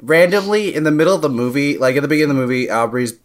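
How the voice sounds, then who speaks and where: Animated man, halting casual chat. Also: a little high. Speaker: podcast co-host.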